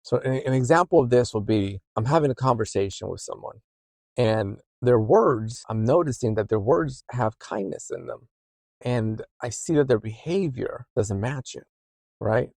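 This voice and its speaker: Male therapist podcasting, middle pitch, easygoing, keeps saying right, dry close mic. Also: animated, normal speed, gravelly, dry recording. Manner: conversational, often adds "right?"; grows quieter and softer when describing intuition. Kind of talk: explanatory podcast talk.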